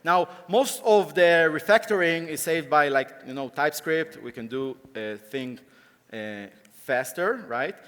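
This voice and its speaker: A man's voice: on the high side, animated, unhurried, hardly any pauses, a bit bright, clear, resonant tone. A man giving a live coding talk on stage, playful and laughing often as he directs volunteers. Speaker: conference speaker. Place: conference stage. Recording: echoey conference hall with audience.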